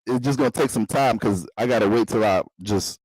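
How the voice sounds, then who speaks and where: A man's voice: fairly low pitch, fairly quick, a little mellow, husky, dry recording. A young adult man hosting a livestream, joking and profane in a preacher's style. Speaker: astrologer and livestream host. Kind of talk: mock sermon livestream chat.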